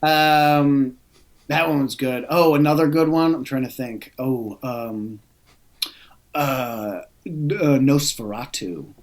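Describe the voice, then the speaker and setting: A man's voice: mid-range voice, slow pace. A man playing Jesus as a guest on a comedy podcast, easygoing and rambling, full of fillers. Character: laid-back man playing Jesus, promoting a book. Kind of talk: improvised comedy podcast bit.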